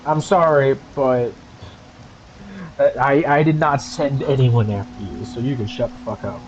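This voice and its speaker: A man's voice: medium pitch, unhurried, muffled recording, slight background noise. A man streaming from home, ranting angrily and sarcastically with heavy profanity as the channel's host.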